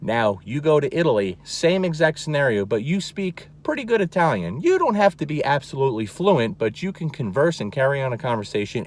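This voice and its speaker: A man teaching as a dog trainer, talking plainly and emphatically, often checking in with "okay?" and repeating key words. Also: on the high side. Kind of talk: instructional talk to camera.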